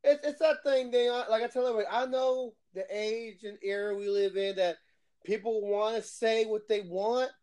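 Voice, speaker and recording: A man's voice: high-pitched, fairly even intonation, moderate pace, darkish tone, clear, resonant tone. A man chatting casually, telling laid-back stories and laughing often. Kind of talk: casual chat.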